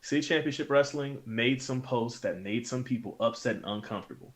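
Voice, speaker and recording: A man's voice: mid-range voice, brisk. Emphatic male podcast co-host. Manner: emphatic, repeats points for stress. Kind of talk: casual chat.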